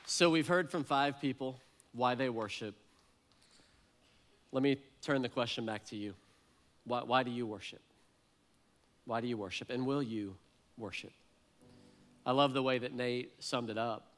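A man's voice: medium pitch, measured pace, long pauses, fairly bright tone. A man in his thirties preaching a heartfelt sermon, earnest and emotional, often repeating his words. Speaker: pastor.

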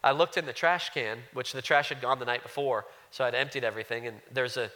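Pastor, man in his 30s, crisp forceful tone, earnest chatty sermon delivery with restarts. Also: medium pitch, quick pace. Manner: earnest, conversational preaching with frequent restarts.

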